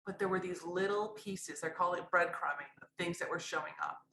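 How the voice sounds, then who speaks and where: On a low-quality, reverberant recording with some hiss or hum, a woman podcast guest tells a raw personal story, candid and rambling, often starting her sentences over. Her voice is on the lower side, sharp in tone, and fairly quick.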